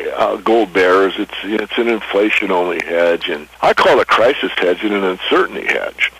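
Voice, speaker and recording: Low husky man in a radio interview. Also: fairly bright tone, rough recording. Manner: earnest, emphatic about markets and geopolitics. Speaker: precious metals newsletter writer.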